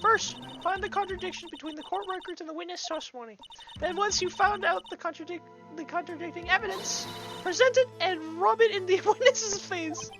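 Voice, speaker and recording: A woman voicing a calm female mentor lawyer giving instructions in an amateur video game fan dub. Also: very high-pitched, fairly quick, music in the background. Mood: instructive. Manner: coaching, instructive.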